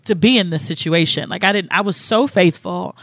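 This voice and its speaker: A woman's voice: on the low side, fairly quick, dry recording, clean studio sound. A woman guest on a podcast, candidly telling a personal story with emphasis and quoting what others said. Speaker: guest sharing her story.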